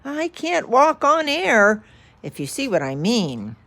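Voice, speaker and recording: A woman's voice: on the high side, very animated, slow, fairly bright tone, dry recording, pitched above the performer's own voice, exaggerated voice. A woman voicing a tired, dutiful male elephant who moans and pleads. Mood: pleading. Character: weary, dutiful male elephant, big and gentle.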